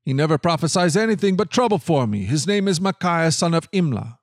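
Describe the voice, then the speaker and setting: A man's voice: fairly high pitch, animated, brisk, no echo, clean studio sound, pitched above the performer's own voice. A man voicing a resentful, commanding king in a scripted Bible reading, curt and demanding. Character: middle-aged male king, resentful and commanding.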